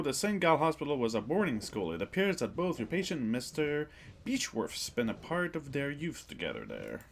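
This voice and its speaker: A formal, measured male doctor from a Victorian horror game, laying out grim facts, read by a man. His pitch moves in a lively way, and faint background noise sits under him. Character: older male doctor bringing grim news.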